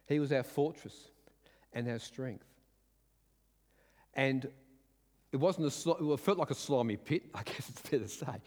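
Older man preaching in a reverberant hall. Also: mid-range voice. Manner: earnest, rising to forceful preaching. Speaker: pastor. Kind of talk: sermon. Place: church.

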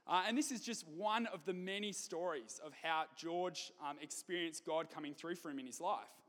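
A man preaching a sermon in a church, telling stories with lively, jokey asides. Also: a little high, normal speed, in a large hall. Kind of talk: sermon with storytelling.

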